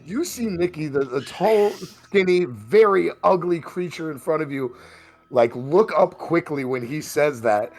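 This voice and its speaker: A man's voice: on the high side, expressive, measured pace, darkish tone. A man running a tabletop role-playing game, narrating the scene and often laughing as he talks. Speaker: game master.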